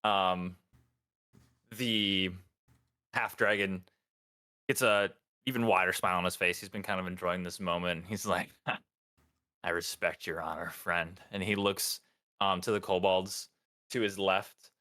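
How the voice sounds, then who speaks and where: A man's voice: low voice, little pitch movement, unhurried, long pauses, bright, forceful tone. A man narrating as game master in a tabletop game, rambling with many fillers.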